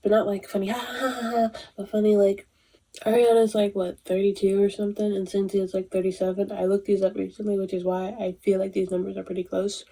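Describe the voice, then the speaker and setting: A woman in her twenties giving a casual, animated movie review, emotional and swearing freely. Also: mid-range voice, a little fast. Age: 20s. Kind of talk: casual chat.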